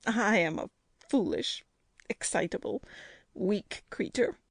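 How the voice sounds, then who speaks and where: A woman's voice: medium pitch, expressive, takes it slowly, gravelly, breathy edge, no room sound, clean studio sound, heavily acted. A woman reading an audiobook, voicing a flustered middle-aged matron who whimpers and sighs. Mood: faint, coy. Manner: breathless, whimpering and sighing.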